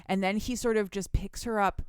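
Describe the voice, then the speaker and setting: A woman's voice: medium pitch, fairly even intonation, fairly quick, clean tone, no room sound, studio quality. A young woman co-hosting a podcast, casually and animatedly retelling a book's plot with laughs and swearing. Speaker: podcast co-host recapping a book. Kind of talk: casual chat.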